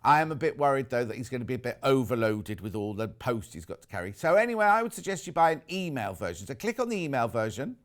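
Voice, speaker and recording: A man's voice: mid-range voice, big pitch swings, fast talker, hardly any pauses. A man with a British accent presenting live on a TV shopping channel, chatting casually and reading out viewer messages. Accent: British English. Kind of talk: live TV sales chat.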